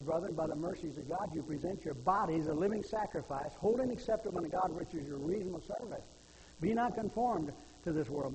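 A man's voice: on the high side, a little mellow. An older man preaching a sermon, folksy in his storytelling and fervent when he pleads with the congregation. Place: church sanctuary. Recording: echoey church hall with faint noise.

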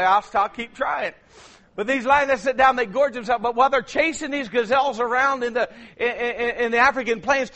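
A male pastor, preaching a sermon that swings from shouted passages to low, quiet storytelling.

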